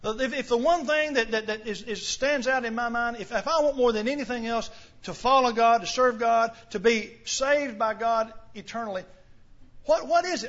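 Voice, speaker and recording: A man's voice: extremely high pitch, normal speed, fairly bright tone, lo-fi sound. A man preaching a sermon in an earnest, questioning way, often repeating words as he starts a sentence.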